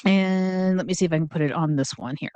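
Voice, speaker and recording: A woman's voice: lowish voice, fast talker, mellow, clean tone, no room sound, highs cut off. Woman chatting through a true crime case, casual and wondering aloud, dry close sound. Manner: chatty, thinking aloud with fillers. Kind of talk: casual commentary over clips.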